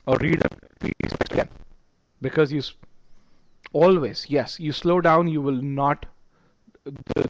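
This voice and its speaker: A man's voice: mid-range voice, creaky, dull audio, slight background noise. A man teaching test preparation in a webinar, emphatic and repeating words as he thinks aloud. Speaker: test prep instructor. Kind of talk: webinar lecture.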